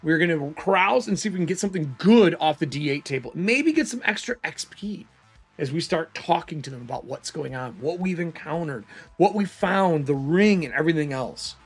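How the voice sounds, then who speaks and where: A man's voice: fairly high pitch, animated, brisk, husky, soft background music. A man narrating a solo tabletop game casually, thinking aloud as he rolls dice.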